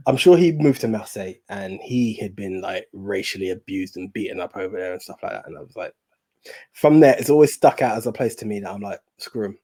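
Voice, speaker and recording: A man co-hosting a casual movie chat, relaxed and a little hesitant, often repeating words as he talks. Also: fairly low pitch, brisk. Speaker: co-host of a movie podcast.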